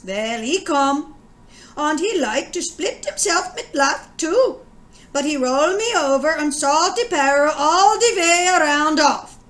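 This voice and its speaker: A woman's voice: high-pitched, expressive, a little slow, fairly bright tone. A woman reading aloud as a bumbling old immigrant farmer who tells a comic tale in broken dialect English. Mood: telling a tale.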